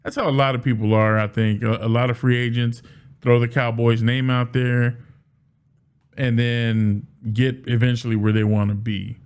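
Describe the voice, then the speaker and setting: Guy ranting about his football team, mid-pitch voice, lively, stumbles and repeats himself. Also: moderate pace, clean tone. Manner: animated, repeats words when restarting. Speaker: sports fan commentator. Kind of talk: casual solo commentary.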